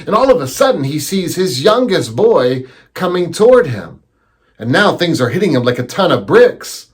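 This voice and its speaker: A man telling a teaching story as a lesson, animated and acting out the voices he quotes. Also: on the high side, normal speed, slightly rough.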